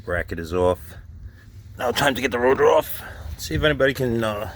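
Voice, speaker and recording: This time the garage vlogger sounds medium-pitched and expressive, talking fairly quickly against a bit of background noise. He's a middle-aged man tinkering with a car, cracking offhand jokes as he shows how it's done.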